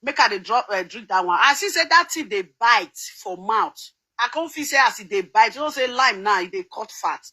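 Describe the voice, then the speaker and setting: Nigerian woman vlogger, middle-aged, high-pitched and chatty, laughs a lot. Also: lively intonation, moderate pace, few pauses, bright, forceful tone, breathy edge, low-quality recording. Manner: chatty, laughs often, sings snatches. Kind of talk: casual chat.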